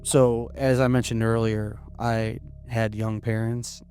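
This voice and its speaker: A young man from Florida, a comedian guest in a casual interview, talking in a hesitant, halting way with many restarts. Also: medium pitch, level tone, darkish tone, soft background music. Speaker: podcast guest, stand-up comedian.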